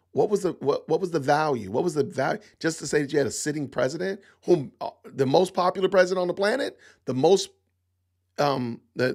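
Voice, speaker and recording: Podcast host, man, middle-aged, gravelly and animated, emphatic rhetorical commentary. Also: medium pitch. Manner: emphatic, rhetorical questions, repeats himself. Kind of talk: opinionated livestream commentary.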